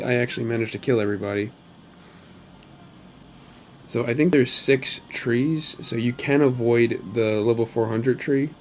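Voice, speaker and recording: A man's voice: medium pitch, darkish tone, a little hiss or hum. A man hosting his own gaming channel, talking casually over gameplay in a chatty, upbeat way with rambling asides.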